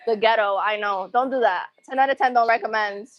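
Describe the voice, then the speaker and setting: A woman's voice: fairly high pitch, a little fast, no echo, highs cut off. Laid-back female streamer chatting to her viewers from the gym, dry sound. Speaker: livestreamer answering chat. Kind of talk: casual live chat. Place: gym, between exercise sets.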